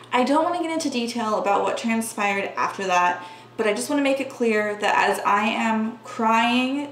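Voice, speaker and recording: A woman vlogger earnestly telling her personal story to the camera, speaking casually with lots of "like" fillers. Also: a little high. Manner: earnest, talks with frequent "like" fillers. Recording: echoey room with faint background hum.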